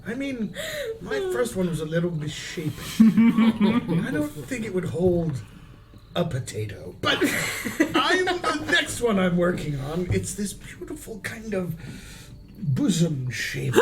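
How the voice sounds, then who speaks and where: A man's voice: high voice, big pitch swings, slow pace, a crowd in the background, heavily acted. A man playing a pompous snobbish knight. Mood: amused. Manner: haughty, giggling, stammering aristocrat. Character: pompous snobbish male knight, vain and entitled. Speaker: player.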